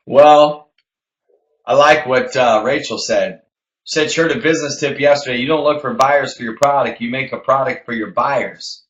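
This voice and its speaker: A man's voice: medium pitch, normal speed, roomy sound, lo-fi sound. A man co-hosting a business talk show, emphatic and preachy, repeating phrases for effect. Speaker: podcast co-host.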